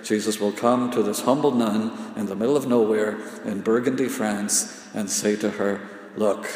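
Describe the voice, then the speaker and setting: A man preaching a sermon in a slow, repetitive cadence with dramatic pauses, often sinking to a hushed intensity. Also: on the low side, fairly even intonation. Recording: echoey hall with long reverb.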